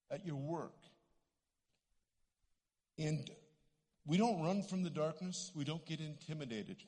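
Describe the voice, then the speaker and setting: A middle-aged Canadian man preaching a sermon in a church sanctuary, telling stories and acting out the voices in them. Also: fairly high pitch. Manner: animated storytelling, acts out voices. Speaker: guest preacher. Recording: long church hall reverb.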